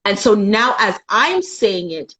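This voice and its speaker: A woman's voice: medium pitch, big pitch swings, slow pace, a bit bright, poor audio. Woman candidly telling a personal story. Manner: candid, acts out voices in her story. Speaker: guest. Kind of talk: personal storytelling in a live chat.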